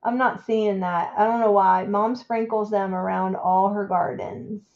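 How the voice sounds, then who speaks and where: A woman chatting casually on a home livestream, excitable and quick to exclaim. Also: medium pitch, dull audio. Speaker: crafting livestreamer.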